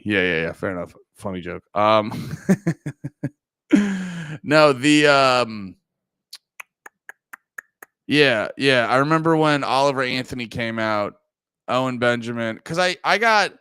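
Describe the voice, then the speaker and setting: A young man hosts a loose, profane podcast chat, wandering off topic and correcting himself mid-sentence. His voice is smooth and resonant at a middle pitch, and the sound is dry and close. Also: lively intonation, slow pace, pauses often, a bit bright, dry recording. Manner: profane, rambling, self-interrupting, laughs often. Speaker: podcast host. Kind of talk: casual rambling chat.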